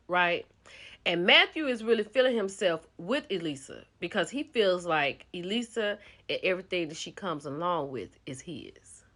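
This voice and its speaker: A woman host recapping a reality show in a chatty, animated storytelling way, speaking. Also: mid-range voice.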